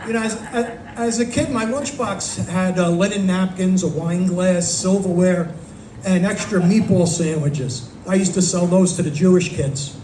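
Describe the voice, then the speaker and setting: A man's voice: high voice, normal speed, background noise. An older man with a New York Italian accent doing wisecracking open mic stand-up in a small bar. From Brooklyn, New York. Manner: wisecracking, self-deprecating. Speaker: stand-up comic. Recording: roomy, distant mic, faint ambience.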